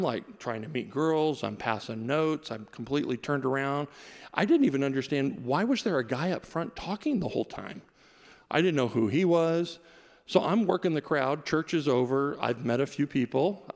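Male pastor, middle-aged, conversational storytelling sermon, gravelly edge, echoing hall. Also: mid-range voice. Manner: storytelling, self-deprecating and conversational. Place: large church hall. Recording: reverberant church hall.

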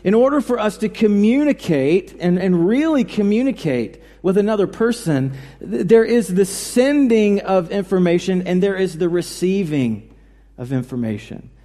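Guy pastor giving a sermon, kinda high voice, chatty and halting, long echo like a big hall. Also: animated, warm tone. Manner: conversational, halting with fillers and restarts. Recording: reverberant hall.

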